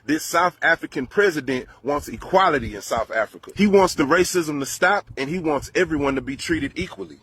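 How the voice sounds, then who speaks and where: A male host giving emphatic, indignant reaction commentary in a steady narrating delivery. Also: fairly high pitch, brisk, few pauses, a little hiss or hum.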